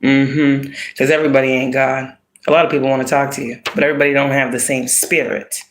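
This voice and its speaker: A woman's voice: rumbling low, flat delivery, fast. A woman giving a casual spiritual card reading, talking bluntly with heavy profanity and streetwise slang. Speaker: spiritual reader. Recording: roomy echo.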